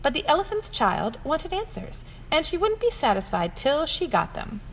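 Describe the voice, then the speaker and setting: Expressive woman reading a bedtime story. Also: high-pitched, normal speed. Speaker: storytime reader for a shop. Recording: long room reverb, faint ambient noise.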